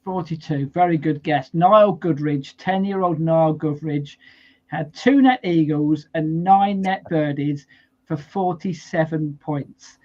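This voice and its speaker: A man with a slightly higher voice hosts a casual podcast and talks through news in a friendly, chatty way. The sound is a little dull and lo-fi. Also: slow, a little mellow. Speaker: podcast host.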